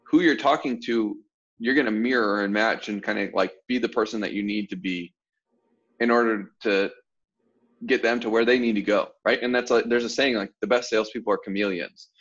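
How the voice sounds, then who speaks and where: Low-voiced man coaching on a call. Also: fairly quick, fairly bright tone, highs cut off. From southern United States. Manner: casual, conversational, explaining with examples. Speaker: sales coach.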